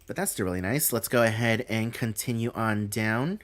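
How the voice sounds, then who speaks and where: A man's voice: lowish voice, expressive, normal speed. Man casually reacting on a live stream. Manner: rambling, thinks aloud with fillers, reads announcements aloud.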